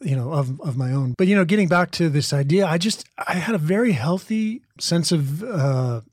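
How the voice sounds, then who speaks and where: Middle-aged man, rambling relaxed storyteller. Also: a little high, moderate pace, slightly rough, no room sound, studio quality. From American Midwest. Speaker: interview guest, actor. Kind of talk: casual interview chat.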